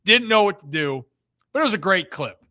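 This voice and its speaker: A man's voice: high-pitched, animated, sharp tone, dry recording, clean studio sound. A man hosting a sports talk show, giving emphatic opinions in casual chat. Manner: opinionated, emphatic, drawn-out stresses.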